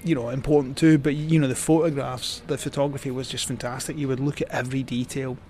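A man's voice: mid-range voice, little pitch movement, fast, a little mellow, slight background noise. Rambling Scottish man telling stories. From Scotland. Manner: rambling, with many fillers and restarts. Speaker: guest, cycling journalist. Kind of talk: casual storytelling.

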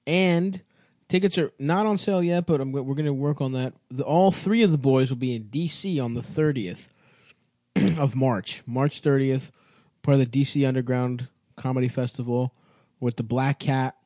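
A man's voice: mid-range voice, moderate pace, mellow, dry recording, clean studio sound. A man hosting a comedy podcast, crude and joking as he rattles off his tour dates. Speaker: podcast host and touring comedian. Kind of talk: casual comedy podcast banter.

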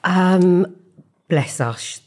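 A woman's voice: fairly low pitch, extremely slow, darkish tone. A woman in her fifties from Wales, a mother and guest on a chat podcast who gives bawdy, motherly advice and giggles easily. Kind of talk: casual chat, giving advice.

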